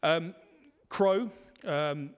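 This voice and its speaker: A man's voice: fairly high pitch, drawn-out words, clear, resonant tone. Man presenting a webinar, chatty with restarts. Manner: conversational, many fillers and restarts. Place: online webinar.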